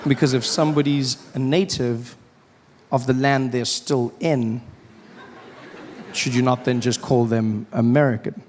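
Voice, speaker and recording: A man with a South African accent performing stand-up comedy before a live audience, animated and acting out characters. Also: mid-range voice, unhurried, long pauses. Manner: animated, acts out characters with shouting voices. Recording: stage mic with audience noise.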